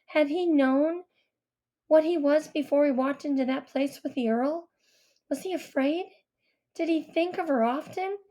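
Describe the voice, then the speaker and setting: Woman reading a quiet first-person audiobook. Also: sits high, a little slow. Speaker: audiobook reader.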